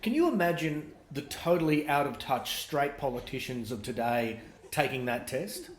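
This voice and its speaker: A man's voice: a little high, expressive, moderate pace, roomy sound. An Australian man performing a stand-up comedy routine with dry, sardonic storytelling.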